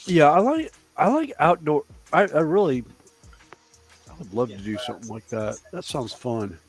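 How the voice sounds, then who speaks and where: An American man in his fifties chatting in a relaxed group conversation. His voice sits a little high for a man, with soft music faintly behind him. He rambles, laughs a lot and swears without a second thought. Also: moderate pace. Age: 50s. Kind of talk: casual group chat.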